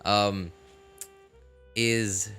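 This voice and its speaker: A man's voice: lowish voice, flat delivery, drawn-out words, bright, forceful tone, clean tone, faint music behind. A man streaming a game, chatting casually in a rambling, wry way, often restarting his sentences. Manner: rambling, self-correcting, wry. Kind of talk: casual live-stream chat.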